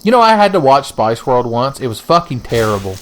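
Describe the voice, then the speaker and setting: A man's voice: medium pitch, very animated, fairly quick, fairly bright tone. A young man giving casual, profane, joking let's-play commentary as he plays a game. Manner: profane, joking, rambling asides. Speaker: gaming channel host.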